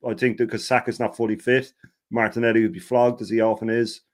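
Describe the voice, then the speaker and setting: A man's voice: mid-range voice, level tone, quick pace. A man speaking as a guest in a casual football chat, agreeable and swearing casually.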